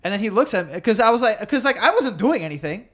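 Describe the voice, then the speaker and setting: High-voiced and fast, a young podcast host talks casually. He brings his anecdotes to life by performing the lines of the people he describes.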